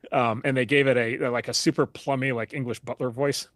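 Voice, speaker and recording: Fast-talking middle-aged man, dry close sound. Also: medium pitch, dry recording. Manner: rapid and animated, full of "you know" and restarts. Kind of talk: casual interview talk.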